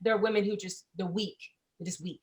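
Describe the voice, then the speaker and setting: A woman's voice: mid-range voice, steady tone, a little fast, darkish tone. A woman comedian co-hosting a panel talk show, speaking bluntly and emphatically, with frequent swearing. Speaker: comedian co-host. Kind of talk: casual panel chat.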